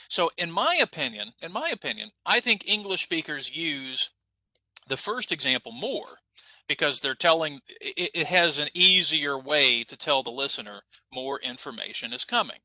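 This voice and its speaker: Male ESL teacher, upbeat coach, bright animated voice, dry close mic. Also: fairly high pitch, moderate pace, dry recording, low-quality recording. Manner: upbeat, coaching students to repeat. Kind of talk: online class instruction.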